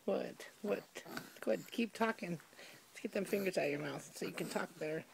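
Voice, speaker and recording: A woman's voice: on the low side, a little fast, gravelly, breathy edge. A woman talking baby talk to her infant in a casual home video, playful and cooing. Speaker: mother.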